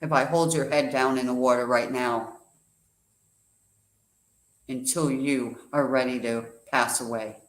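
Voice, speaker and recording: A man's voice: mid-range voice, fairly even intonation, unhurried, pauses often, fairly bright tone. Emphatic man asking rhetorical questions, echoey. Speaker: guest speaker. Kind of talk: motivational talk. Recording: echoey room.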